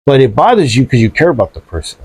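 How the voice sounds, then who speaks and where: A man chatting casually on a podcast, animated and profane, dropping bro and dude often. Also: medium pitch, quick pace, husky, no room sound.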